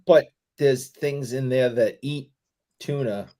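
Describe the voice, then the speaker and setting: A man's voice: mid-range voice, slow, mellow. A man co-hosting a live stream, teasing back with dry, mock-offended remarks in casual chat. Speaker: co-host.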